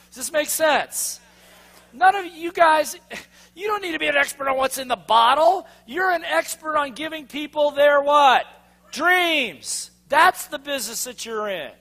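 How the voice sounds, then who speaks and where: A man with a very high, bright, forceful voice drives a motivational seminar. He speaks in punchy bursts and keeps pulling answers from the audience. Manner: energetic, punchy, constantly asks the audience to respond. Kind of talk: seminar talk to a live audience.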